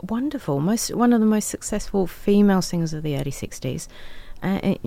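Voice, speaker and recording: Gravelly, hoarse woman radio host. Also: medium pitch, lively intonation, brisk, warm tone. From East London, England. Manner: chatty, enthusiastic, laughs easily. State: hoarse after a late night. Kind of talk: casual radio chat introducing records. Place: radio studio.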